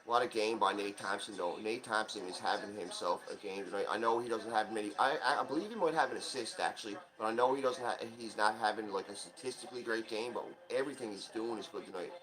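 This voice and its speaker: Excitable male hockey fan commentator. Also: on the low side, a crowd in the background, low-quality recording. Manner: excitable, rooting fan, quick play-by-play bursts; chatty asides, admits small slips. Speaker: channel host, fan commentator. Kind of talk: casual live game watch-along commentary.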